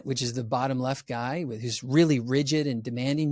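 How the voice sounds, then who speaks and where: A man's voice: medium pitch, steady tone, brisk, a little mellow, no echo, clean studio sound. A man giving a podcast interview as a resilience educator, talking with energy and acting out the voices of the people he quotes. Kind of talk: animated podcast talk.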